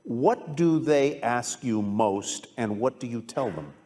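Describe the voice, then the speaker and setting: A man's voice: medium pitch, expressive, takes it slowly, dark tone, slight background noise. A man interviewing a guest on stage in front of a live audience, steering the talk with easy conversational questions. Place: large hall with a live audience. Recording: long hall reverb at a live event.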